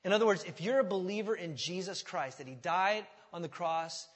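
High-pitched pastor guy teaching a sermon, chatty, lots of okays, long echo in the church hall. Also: brisk. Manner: conversational, checks in with "okay?" and restarts.

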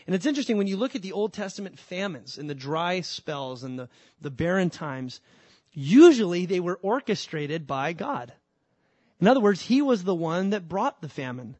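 High-voiced animated male pastor. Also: no echo. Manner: animated, acts out voices of God and his kids. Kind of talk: sermon.

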